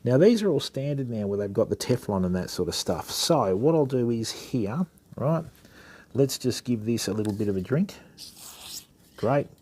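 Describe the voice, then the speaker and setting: Aussie bloke from WA doing a live fishing reel demo, chatty, calls everyone mate, warm dark-ish voice. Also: male voice, mid-range voice, animated, normal speed. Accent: Australian. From Western Australia. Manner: casual, matey, chats to viewers while working. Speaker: fishing channel host.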